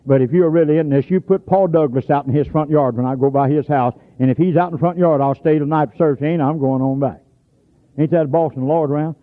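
A man preaches a folksy storytelling sermon, his voice sitting a little high for a man. He swings from plain talk into sudden shouts. The sound is tinny and narrow, like an old radio broadcast heard over a phone. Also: fast.

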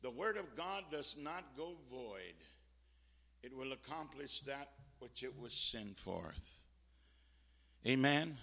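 A man preaching a fervent sermon as a visiting preacher, swinging from shouts to quiet talk. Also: mid-range voice, lively intonation, slow, in a large hall.

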